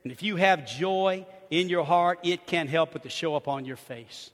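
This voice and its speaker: A man preaching a sermon as pastor, telling humorous, animated stories with bursts of laughter. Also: a little high, normal speed. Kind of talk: lively sermon storytelling. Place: church sanctuary. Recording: hall reverb in a church.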